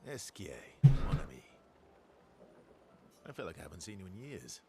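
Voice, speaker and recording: An actor voicing a dry, teasing game companion, with game music behind. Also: male voice, sits low, very animated, normal speed, gravelly, mellow, full character voice. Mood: wry. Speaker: video game character.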